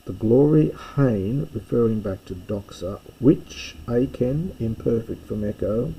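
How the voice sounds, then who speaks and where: A man teaching a language lesson, explaining each phrase slowly and thinking aloud as he goes. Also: mid-range voice, lively intonation, muffled recording, a little hiss or hum. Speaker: Greek teacher. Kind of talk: recorded lesson walkthrough.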